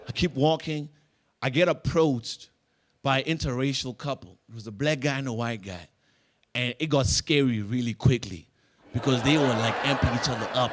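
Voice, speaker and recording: A young man, doing animated stand-up storytelling and acting out voices. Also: mid-range voice, moderate pace. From South Africa. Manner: animated, acts out voices, laughs through lines. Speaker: stand-up comedian. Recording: noisy live room.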